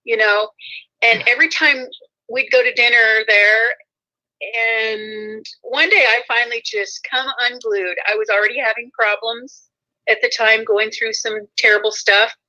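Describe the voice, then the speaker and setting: A woman's voice: fairly high pitch, fairly even intonation, unhurried, low-quality recording. A woman guest in a casual chat, earnest and giggly as she talks. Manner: warm-hearted, giggly, earnest.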